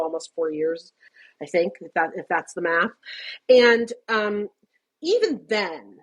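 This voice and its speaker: A woman in her fifties, an industry analyst, talking through her career in a casual interview, chatty and animated and laughing often mid-sentence. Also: on the low side, slightly rough.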